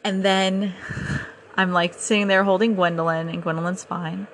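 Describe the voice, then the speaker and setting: A young woman hosting a podcast, telling a story in a casual, animated way and acting out her own reactions. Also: lowish voice, moderate pace. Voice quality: animated, breathless retelling with quoted reactions. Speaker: podcast host.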